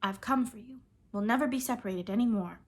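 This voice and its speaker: A woman reading the lines of a quiet, tender middle-aged father who speaks gently in few words. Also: on the high side, fairly quick.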